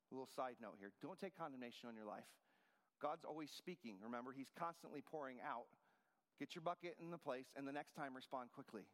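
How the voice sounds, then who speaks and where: A man's voice: fairly high pitch, fairly bright tone, big-room sound. A man in his forties preaching a sermon, telling a personal story in a conversational style. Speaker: pastor.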